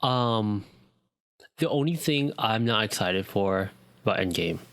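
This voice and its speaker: Young guy podcast cohost, lowish voice, rambly with ums, dry close sound. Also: expressive, unhurried, fairly bright tone, no room sound. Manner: rambling with many ums and restarts. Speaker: podcast co-host. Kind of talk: casual chat.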